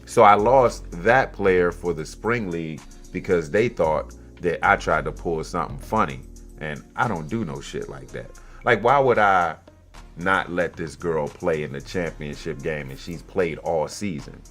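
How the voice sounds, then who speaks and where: A man hosting a casual podcast monologue, a youth basketball coach telling stories in a blunt, profane, animated way. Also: sits low, a little slow, faint music behind.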